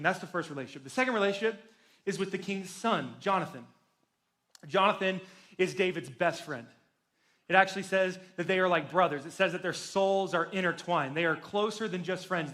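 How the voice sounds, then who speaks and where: Young man, youth pastor, casual sermon, animated storytelling, high voice. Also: fairly quick. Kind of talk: sermon to teens.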